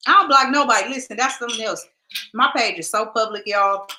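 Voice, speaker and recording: A woman's voice: on the high side, a little fast, pushed and bright. A woman hosting a casual podcast livestream, chatty and laughing, talking straight to her viewers. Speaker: podcast host.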